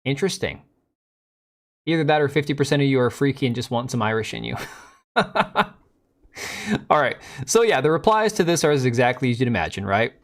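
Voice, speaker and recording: A man's voice: medium pitch, lively intonation, brisk, long pauses. Sarcastic man hosting a live stream. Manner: joking, sarcastic, reads and answers chat. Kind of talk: casual live-stream commentary.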